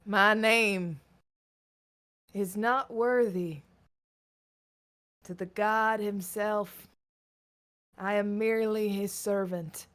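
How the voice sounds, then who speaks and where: A woman voicing a solemn male servant of a sleeping god, speaking gravely and slowly like a preacher. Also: medium pitch, steady tone, pitched below the performer's own voice. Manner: grave, preaching, slow and hushed.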